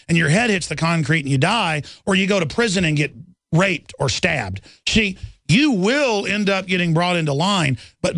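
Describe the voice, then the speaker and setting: A middle-aged man hosts a talk radio show in an indignant, rambling monologue, stumbling over repeated words as he pushes on. His voice sits a little high with a gravelly edge. The studio microphone sounds close and dry. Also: a bit bright, dry recording.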